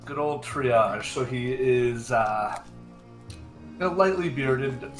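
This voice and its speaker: A man's voice: medium pitch, slow, soft background music. A man playing in a tabletop game, describing his character in a dry, easygoing way. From Canada. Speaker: player.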